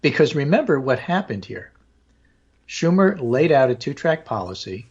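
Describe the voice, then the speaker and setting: Male talk host, hoarse and husky, rambling with fillers; muffled audio. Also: medium pitch, big pitch swings, moderate pace, darkish tone. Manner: discursive, with frequent fillers. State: hoarse from allergies. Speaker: political talk show host. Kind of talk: casual political talk.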